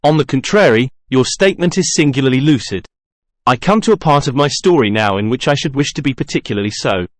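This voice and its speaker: A man narrates an audiobook in first person, in a measured, middle-pitched voice that breaks into dramatic outbursts. He is recorded on a close studio mic, and the sound is dry with no room around it. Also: lively intonation, dry recording.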